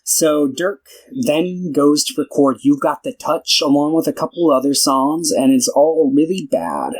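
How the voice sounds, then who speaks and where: His voice is a little high, expressive and a little slow, on a low-quality recording. As a podcast co-host in a casual chat, he recaps a film in a rambling manner with frequent fillers and restarts, acting out the characters' dialogue.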